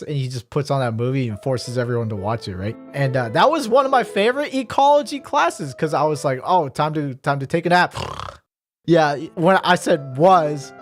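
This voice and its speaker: A man giving a mock-instructional comedy monologue, sarcastic and deadpan at times, stammering repeated words, then bursting into animation. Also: a little high. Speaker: comedy vlogger.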